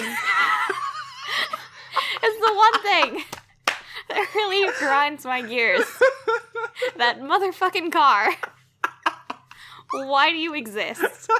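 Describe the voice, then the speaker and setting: Young woman podcast co-host, high and lively, with a sweary, laughing comic rant.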